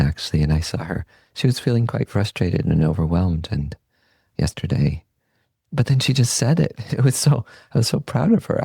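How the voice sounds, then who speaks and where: A man hosting a podcast, giving a calm, unhurried, reflective Buddhist teaching talk that trails off softly at the ends of phrases. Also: on the low side, vocal fry, breathy edge, no room sound. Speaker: podcast host and meditation teacher.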